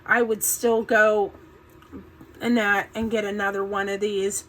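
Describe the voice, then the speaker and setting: A woman's voice: medium pitch, little pitch movement, measured pace, rough recording. A woman hosting a casual crafting tutorial, chatty and folksy, with a groggy morning voice since she has just woken up. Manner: chatty, folksy, says "um" a lot. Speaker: craft channel host.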